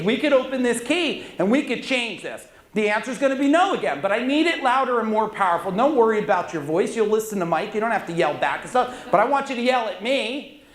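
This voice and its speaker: Intense high-voiced man on stage. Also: fairly bright tone. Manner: intense, commanding, leads audience call-and-response. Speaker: motivational speaker. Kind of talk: live motivational stage talk. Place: large conference hall with audience. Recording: echoey hall.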